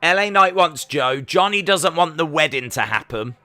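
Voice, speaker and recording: A streamer reacts to wrestling during a live watch-along, chatting in a jokey, rambling way. His voice is a little high, bright and pushed, with lively intonation at a normal speed.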